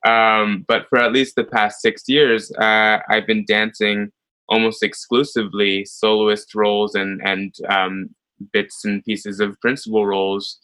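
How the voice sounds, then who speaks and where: A young man, a ballet dancer being interviewed, telling stories in a chatty way with many pauses and fillers. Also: on the low side, clear, resonant tone, rough recording. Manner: chatty, many ums, animated retelling. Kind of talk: casual interview storytelling.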